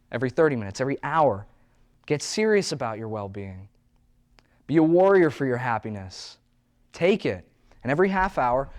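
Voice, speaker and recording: A man in his thirties, a wellness coach, giving an animated, joking motivational talk. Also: medium pitch. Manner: animated and joking, with playful asides.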